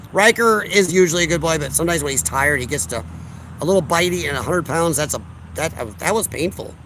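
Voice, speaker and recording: A man's voice: a little high, animated, a little fast, pushed and bright, a little hiss or hum. A man from Illinois hosting a casual livestream outdoors on a deck, reading chat aloud in a blunt, combative, sarcastic way.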